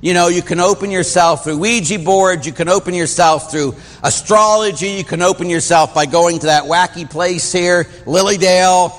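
Priest preaching in a reverberant church. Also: male voice, high-pitched, normal speed, few pauses, soft background music. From Pittsburgh. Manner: folksy storytelling, acts out voices, chuckles. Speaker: Catholic priest. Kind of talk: sermon with personal stories. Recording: long hall reverb.

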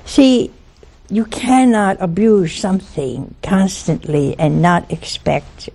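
A woman's voice: on the low side, animated, takes it slowly, vocal fry, warm tone, breathy edge. A woman speaking on a religious broadcast, telling a story in an earnest, emphatic way and repeating lines for effect. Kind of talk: preachy storytelling talk.

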